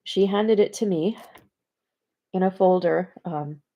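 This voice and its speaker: A woman speaking in a personal video diary to her daughters, halting with many pauses and close to tears. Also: lowish voice, dull audio. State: tearful, close to crying. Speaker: mother addressing her daughters.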